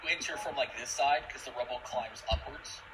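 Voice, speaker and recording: A man's voice: mid-range voice, fairly quick, background noise. A young man running a tabletop game as game master, jokey and casual as he explains the rules.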